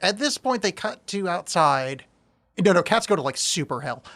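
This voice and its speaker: A man's voice: sits high, very animated, normal speed, fairly bright tone. A man co-hosting a podcast in casual chat, making dry, morbid jokes. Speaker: podcast co-host.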